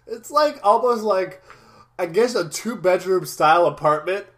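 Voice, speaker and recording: A man's voice: sits high, lively intonation, unhurried, fairly bright tone. Rambling man recapping an episode. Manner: rambling, many restarts, laughs often. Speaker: podcast co-host. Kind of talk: casual episode recap chat.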